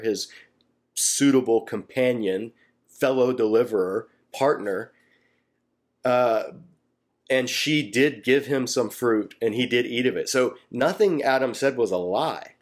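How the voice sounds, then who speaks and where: A man's voice: medium pitch, slow. A man teaching through a Bible passage in a casual, conversational way, animatedly acting out the people he quotes.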